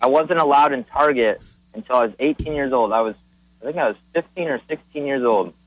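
A man's voice: medium pitch, brisk, dry recording, poor audio. Hesitant man calling in with a story. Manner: rambling, hesitant with many fillers. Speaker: caller. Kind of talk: phone-in storytelling.

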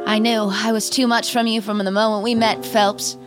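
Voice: mid-range voice, level tone, moderate pace, over music, lightly acted. A woman with a mid-Atlantic accent voicing a vain old-Hollywood movie star mother, grand and theatrical, in an improv comedy scene. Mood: dramatic.

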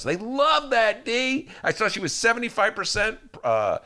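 A man hosting a podcast, talking in a sarcastic, animated way and mocking people with put-on voices. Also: high-pitched, moderate pace, hardly any pauses. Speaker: podcast host. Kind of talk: casual political chat.

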